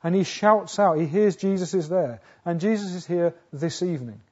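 A man preaching a sermon earnestly, asking rhetorical questions, restarting phrases, rising to loud emphatic peaks and sinking low again. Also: moderate pace, husky. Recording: dull lo-fi sound.

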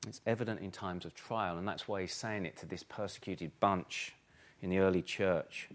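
A man preaching a sermon, emphatic, full of rhetorical questions, swinging between forceful and hushed. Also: deep voice, steady tone, normal speed. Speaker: pastor.

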